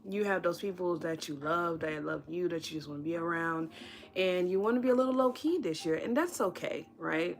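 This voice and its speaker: A woman's voice: on the low side, normal speed, slight background noise. A woman giving a casual, reassuring tarot reading on a livestream, chatty, with many "right?" tag questions. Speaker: tarot reader.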